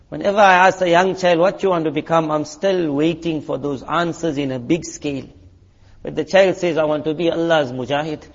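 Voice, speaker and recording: Man, preacher, high voice, lively storytelling sermon, sound effects, dull lo-fi recording. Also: brisk.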